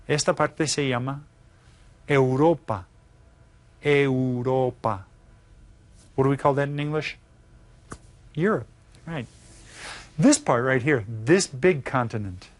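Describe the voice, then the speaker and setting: A man teaching a Spanish geography lesson, patient and clear, asking learners to repeat. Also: mid-range voice.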